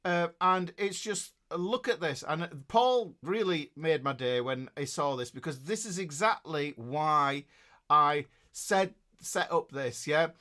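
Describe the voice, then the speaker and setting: A man's voice: a little high, slow pace, sharp tone. A middle-aged man, chatting casually as a guitar teacher hosting a live class and reading out viewers' names with jokes and fillers. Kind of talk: casual live-stream chat.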